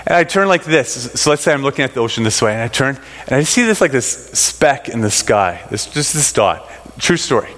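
A man's voice: medium pitch, expressive, brisk, fairly bright tone. A middle-aged man telling a rambling personal story to a congregation, full of fillers and restarts. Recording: long reverb of a large hall.

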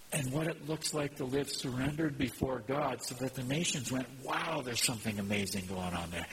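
A man preaching a sermon as pastor, teaching in an earnest, measured way and reading scripture aloud. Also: on the high side, a bit bright, a little hiss or hum, poor audio.

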